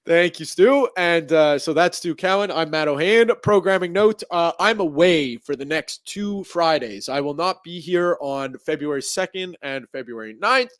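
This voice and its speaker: Higher-voiced Canadian host, dry close mic. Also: male voice, lively intonation, normal speed, hardly any pauses, a bit bright, dry recording. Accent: Canadian English. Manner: friendly, upbeat reactions and sign-off. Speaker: podcast host. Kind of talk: casual sports podcast chat.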